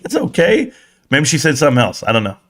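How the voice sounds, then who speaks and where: A young adult man hosting a casual stock live stream, reading the chat aloud, joking and swearing, swinging from excited shouts to low mutters. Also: racing.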